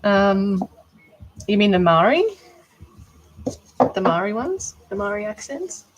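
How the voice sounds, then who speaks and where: A woman's voice: medium pitch, sing-song, takes it slowly, muffled recording, slight background noise. A young Australian woman chatting casually on a live stream while she builds art dolls, answering viewers' questions as she works.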